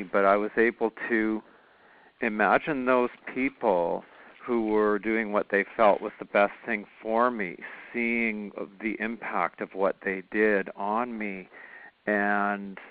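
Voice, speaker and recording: A man taking part in a workshop call, speaking hesitantly with many fillers. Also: on the low side. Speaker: workshop participant. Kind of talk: question on a group call. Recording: phone-like call audio.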